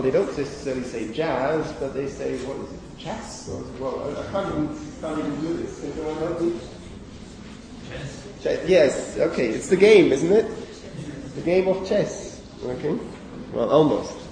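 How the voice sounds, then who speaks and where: A man's voice: fairly high pitch, moderate pace, noisy background. A man giving a university lecture on phonology, speaking conversationally, putting questions to the class and checking in with "okay?". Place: lecture hall. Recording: echoey lecture hall, mic at a distance.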